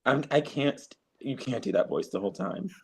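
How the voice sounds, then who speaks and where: A man co-hosts a loose podcast chat with teasing, quick back-and-forth. His voice is partly lost and comes out husky. His pitch swings widely as he talks. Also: very animated, darkish tone. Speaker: podcast co-host. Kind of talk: casual chat.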